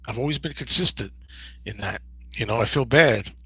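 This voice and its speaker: A man in his fifties hosting a casual livestream Q&A, rambling and digressive with many restarts and a gravelly, husky voice. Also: medium pitch, moderate pace, bright, forceful tone, dry recording, low-quality recording. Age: 50s. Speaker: host.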